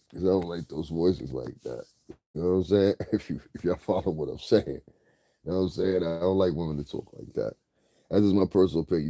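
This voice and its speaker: A man with a deep, dark voice talks through his commentary in a loose, rambling way, circling back to the same tag phrase and breaking into laughter. The sound is dry and close. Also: no echo. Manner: rambling, repeats "you know what I'm saying", laughs often. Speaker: commentary vlogger. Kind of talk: casual commentary.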